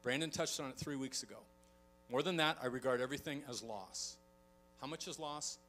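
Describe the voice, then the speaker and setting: A middle-aged man preaching a sermon as a pastor, telling stories with animated delivery and acting out quoted voices. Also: medium pitch, brisk, faint music behind. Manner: animated storytelling, acts out quoted voices, chuckles often.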